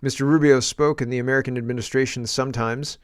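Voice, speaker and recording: A male politician's statement comes across slowly and deliberately, as a man reads it out. The pace is measured and the tone stays formal. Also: medium pitch, fairly even intonation, clear, resonant tone, no room sound, clean studio sound, natural voice. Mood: reading aloud. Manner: slow, deliberate reading.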